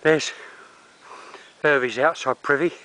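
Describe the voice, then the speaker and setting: A man's voice: on the high side, fairly even intonation, slow pace, bright, forceful tone, a little hiss or hum. An older man with a Cockney accent, wheezing and out of breath as he narrates a climb up a steep wooded hill. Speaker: vlogger. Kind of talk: walking vlog narration. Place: steep wooded hillside outdoors.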